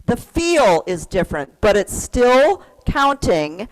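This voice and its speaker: A woman's voice: on the high side, very animated, takes it slowly. A woman teaching an online keyboard class, patiently explaining rhythm and counting beats aloud. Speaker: music teacher. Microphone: computer mic on a video call.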